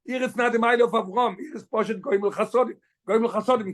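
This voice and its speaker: A man, a rabbi, teaching a Torah class, explaining the text quickly and switching languages mid-sentence. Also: extremely high pitch, steady tone, fairly bright tone. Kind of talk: Torah class, mixing English and Yiddish.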